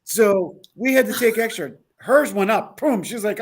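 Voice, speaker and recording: A male podcast co-host recounts a trip in casual chat, an animated storyteller who acts out quotes and laughs often. His voice is rather high and moves at a moderate pace.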